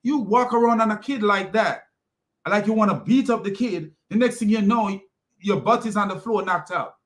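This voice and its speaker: A man delivering ranting commentary with a mocking edge, chuckling at what he describes. His voice sits a little higher than most men's. He talks loosely and repeats himself as he goes. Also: normal speed, fairly bright tone. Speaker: commentary host. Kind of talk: reaction commentary on clips.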